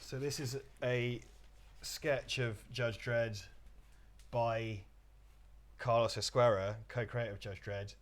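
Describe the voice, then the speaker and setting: A man's voice: mid-range voice, steady tone, slow, pauses often. An English man from England hosting a livestream, blunt, sweary and enthusiastic in casual chat.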